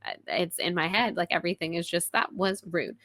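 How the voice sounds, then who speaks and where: A young woman co-hosting a podcast, chatting casually in rambling stories with quick self-deprecating asides. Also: fairly low pitch, fairly bright tone, no room sound. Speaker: podcast co-host.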